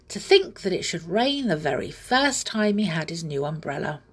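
A woman reading a children's story aloud, telling it gently and sometimes dropping into soft whispers. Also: fairly low pitch, big pitch swings, normal speed, few pauses, slightly rough.

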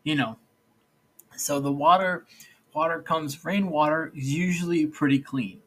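A man's voice: a little high, steady tone, measured pace, slightly rough, low-quality recording. A man hosting a solo podcast, talking in a loose, rambling way with frequent restarts. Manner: rambling, loose, with many restarts and "all right, so". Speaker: podcast host.

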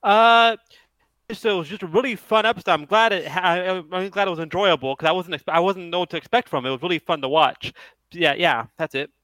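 Fast-talking high-voiced man, dry close sound. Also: bright, forceful tone, dry recording, low-quality recording. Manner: dry, joking asides. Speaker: podcast co-host. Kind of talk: casual chat reviewing a cartoon episode.

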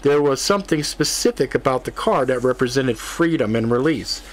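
A man narrating a fantasy audiobook in a steady, even reading voice. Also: medium pitch, moderate pace.

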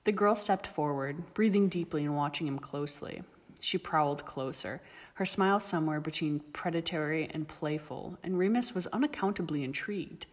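A woman reading a story aloud as narrator, steady and even. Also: low voice, normal speed. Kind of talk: audiobook reading of fan fiction. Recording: long reverb.

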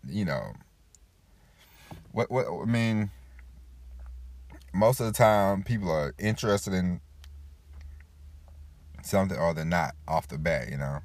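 A man's voice: sits low, animated, slow pace, pauses often, a little mellow. A man hosting a casual motivational talk, rambling and repeating himself, acting out quoted people as he goes. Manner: rambling, repeats 'you know', acts out quoted voices. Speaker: podcast host.

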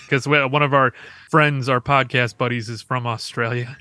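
A man co-hosting a podcast, telling stories quickly and casually with laughs and asides. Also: medium pitch, steady tone, sharp tone, no echo. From Michigan. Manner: fast storytelling with laughs and asides. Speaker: podcast co-host.

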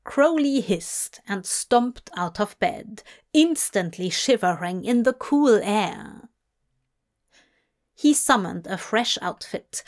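A woman reading a fanfic audiobook as measured scripted narration. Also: fairly high pitch. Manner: slow, measured storytelling.

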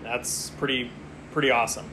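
A man's voice: mid-range voice, steady tone, normal speed, pushed and bright, a little hiss or hum. Chatty man rambling through a draft. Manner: rambling, chatty, easily distracted. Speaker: podcast co-host. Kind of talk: casual chat during a fantasy football draft.

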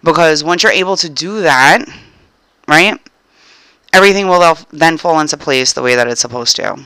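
Bright woman in a dry recording. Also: low-pitched, normal speed, clear, resonant tone, no room sound. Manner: laughs a lot, playful storytelling. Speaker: podcast co-host. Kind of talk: casual chat.

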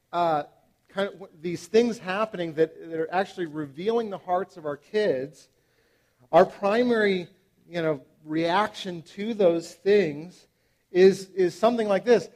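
A man in his thirties preaching to parents, animated and emphatic, with frequent fillers and restarts. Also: high-pitched, unhurried. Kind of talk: sermon to parents.

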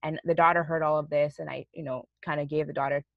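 Low-voiced woman telling a story. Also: fast, creaky, dry recording. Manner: animated storyteller who swears casually. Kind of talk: casual chat. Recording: dull, dry sound.

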